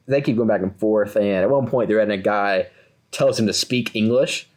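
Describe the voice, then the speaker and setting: A man's voice: on the low side, moderate pace. A man in his twenties, co-host of a podcast, telling a story in a casual way and acting out the voices of the people in it. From Kentucky, USA. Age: 20s. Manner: animated, acts out quoted voices.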